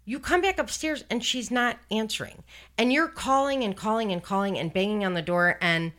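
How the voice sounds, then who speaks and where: A woman's voice: medium pitch, normal speed, a bit bright. A woman hosting a true-crime podcast, talking through a case in casual, blunt chat and swearing freely. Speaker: podcast host.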